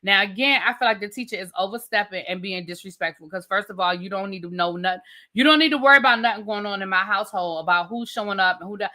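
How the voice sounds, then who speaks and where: A woman's voice: medium pitch, fast talker. A woman hosting a casual live TV review, recapping scenes with chatty asides to her viewers. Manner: chatty, animated storytelling with frequent asides to viewers. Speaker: TV review host.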